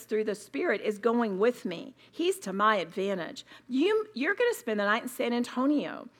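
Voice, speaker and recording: A woman with a slightly high voice preaches at a retreat. She speaks emphatically and stresses her points by repeating words. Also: pushed and bright. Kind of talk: sermon.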